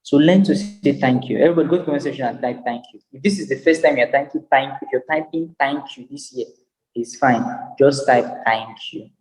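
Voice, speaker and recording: A man's voice: medium pitch, brisk, darkish tone. A man giving a motivational lecture as a business psychologist, emphatic and repetitive, with a preacher-like cadence. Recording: long hall reverb.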